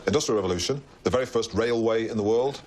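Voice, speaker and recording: A middle-aged man in dry, prickly banter, pedantic and deadpan. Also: mid-range voice, fast. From North of England. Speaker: travelling companion. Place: hotel room and restaurant.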